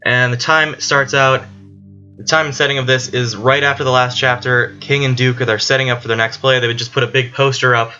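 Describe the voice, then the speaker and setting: A man's voice: mid-range voice, level tone, fairly quick, pushed and bright. A man, a student, giving a casual spoken summary of a book chapter, rambling along with many "like" fillers. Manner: rambling retelling full of "like" fillers. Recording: dull lo-fi recording with faint music.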